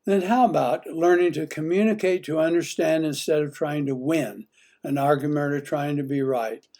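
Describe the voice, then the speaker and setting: A man's voice: a little high, normal speed, gravelly, mellow. A man giving an instructional talk on marriage, putting many direct questions to the listener. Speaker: marriage teacher.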